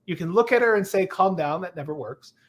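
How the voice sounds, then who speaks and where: A man's voice: high-pitched, lively intonation, fairly quick. A man coaching a couple on their personality profiles, analytical and playful, acting out the things they say to each other. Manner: analytical and playful, acts out quoted remarks. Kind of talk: explaining personality profiles on a live show.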